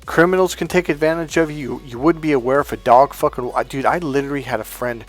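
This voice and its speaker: A man's voice: medium pitch, fast talker, soft background music. A man talking as a dating coach in a profane, emphatic rant straight to his listeners. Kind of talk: monologue to camera.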